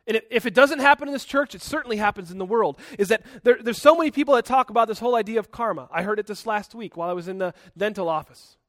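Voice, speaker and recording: A man preaching a sermon in an emphatic, conversational way, with big swings in loudness. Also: very high voice, no echo, clean studio sound. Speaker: pastor.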